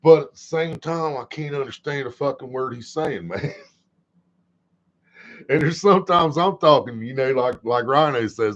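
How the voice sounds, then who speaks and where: A man's voice: mid-range voice, moderate pace. Profane rambling hillbilly livestream man. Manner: profane, rambling, laughs often; sing-song repetition. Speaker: livestream host. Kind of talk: casual livestream chat. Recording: dull lo-fi stream audio.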